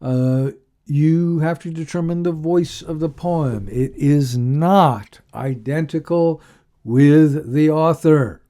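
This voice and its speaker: A man's voice: on the high side, dark tone. A man giving a recorded literature lecture, reading a poem aloud and then explaining it with frequent ums and uhs. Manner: slow, measured reading with frequent fillers.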